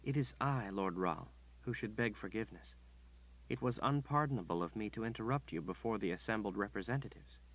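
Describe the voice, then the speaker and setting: A man voicing a demure, flattering noblewoman in an audiobook, speaking softly in a slightly raised voice. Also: on the low side, brisk, lo-fi sound, pitched above the performer's own voice.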